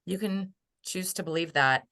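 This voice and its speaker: A middle-aged woman talks with an interviewer in an earnest, heartfelt way, her voice bright and forceful though fairly low in pitch. She speaks reflectively. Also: moderate pace. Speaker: podcast guest.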